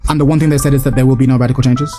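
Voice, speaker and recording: A man's voice: mid-range voice, level tone, racing, warm tone, faint music behind. Exasperated man ranting on a stream. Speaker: streamer host. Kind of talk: casual live-stream chat.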